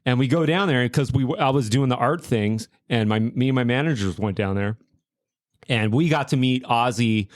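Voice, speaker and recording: A man in a casual podcast chat, an animated storyteller who rushes through his anecdotes. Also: mid-range voice, no echo, clean studio sound.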